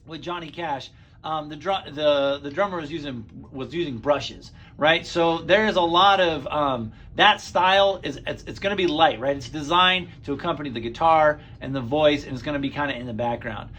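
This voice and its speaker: A man giving a casual drum lesson in a relaxed, easygoing way, full of fillers, counting strokes aloud as he plays. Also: fairly high pitch, normal speed, dull audio, a little hiss or hum. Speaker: drum teacher. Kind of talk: casual instructional talk. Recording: speech over loud drumming. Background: loud drum kit playing.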